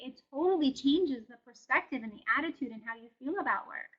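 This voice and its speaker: A woman's voice: high-pitched, expressive, a little fast, few pauses, dull audio. A woman presenting a wellness webinar, speaking conversationally and encouragingly with frequent fillers. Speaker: wellness educator.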